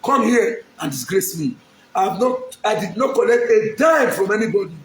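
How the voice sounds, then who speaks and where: A man's voice: high-pitched, expressive, normal speed, a bit bright, roomy sound, a little hiss or hum. A man from Edo State, Nigeria, with a Nigerian accent, making an emphatic, pleading public appeal straight to the camera and repeating his lines. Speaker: aspiring local politician.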